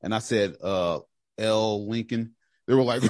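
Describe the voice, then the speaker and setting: A man's voice: fairly low pitch, unhurried, darkish tone, no echo, studio quality. A man who used to be a Border Patrol agent, telling stories in laid-back, profane slang. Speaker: podcast guest, former Border Patrol agent. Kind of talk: casual storytelling.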